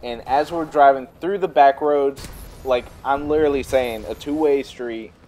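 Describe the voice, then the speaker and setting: A man's voice: mid-range voice, normal speed, a little mellow. A young man vlogging, telling a funny personal story in a rambling, casual way with lots of fillers. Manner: rambling, filler-heavy, laughs while telling stories.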